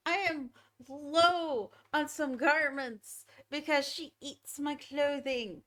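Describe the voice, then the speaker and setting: Giggly high-voiced young woman streamer. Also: takes it slowly, hardly any pauses, a bit bright. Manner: giggly, chatting to her pets. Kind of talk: casual chat during a game stream.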